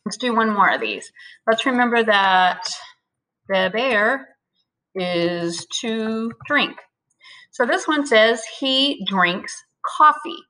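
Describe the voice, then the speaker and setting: A woman teaching a step-by-step grammar lesson, explaining patiently and slowing down to spell out words. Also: on the high side, animated, pushed and bright, poor audio. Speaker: Spanish teacher. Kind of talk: screen-share grammar lesson.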